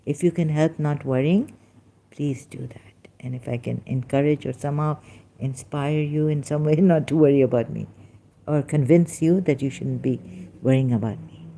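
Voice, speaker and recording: A woman vlogger speaking in an earnest, halting personal monologue, pleading with her viewers. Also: sits low, mellow.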